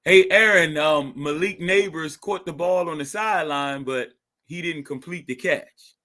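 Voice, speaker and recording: A young man hosting a live stream, reacting to a game as it plays and talking to his chat with excitement and laughs. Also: fairly high pitch, a little slow. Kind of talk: live fan commentary on a game.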